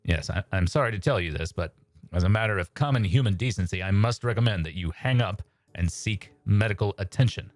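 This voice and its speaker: Man playing a mellow-voiced radio host, smooth and measured, low-pitched. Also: no echo, natural voice. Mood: exasperated. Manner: smooth public-radio narrator delivery. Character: calm late-night radio host, exasperated man.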